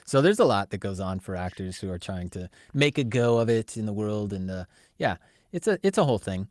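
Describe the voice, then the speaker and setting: Low-voiced joking male podcast host. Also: expressive, fairly quick, a little mellow, no room sound, clean studio sound. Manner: jokey, laughs easily. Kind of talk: casual interview chat.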